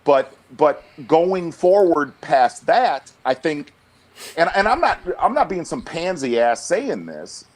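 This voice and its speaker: A man's voice: a little high, takes it slowly. A middle-aged man, talking bluntly on a casual podcast, stammering and restarting as he goes. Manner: blunt, animated, lots of restarts and stammered repeats. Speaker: guest.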